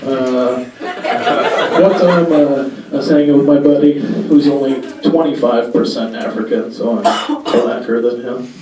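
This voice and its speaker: A young man performing stand-up comedy in a halting, deadpan way, with many pauses and fillers, on a club stage before a live audience. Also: mid-range voice, very noisy. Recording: echoey room, far mic, crowd laughter.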